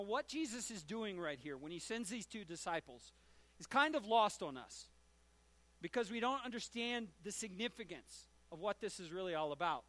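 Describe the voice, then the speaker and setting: A man's voice: high voice, no room sound. A man preaching a sermon as a pastor, retelling scripture stories and acting out the quoted lines. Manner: storytelling, acts out shouted quotes.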